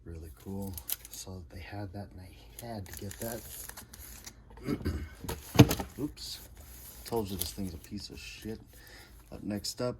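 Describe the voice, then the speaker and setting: A man casually showing off his record collection in short, laid-back, repetitive comments. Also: low voice. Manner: laid-back, repetitive, enthusiastic one-liners. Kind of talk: casual show-and-tell. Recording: noticeable background noise.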